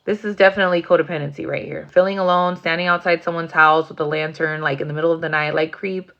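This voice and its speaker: A woman's voice: low-pitched, little pitch movement, quick pace, fairly bright tone, highs cut off. Blunt, profane woman reading tarot. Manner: profane, blunt, acts out rowdy asides. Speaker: tarot reader. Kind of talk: casual livestream tarot reading.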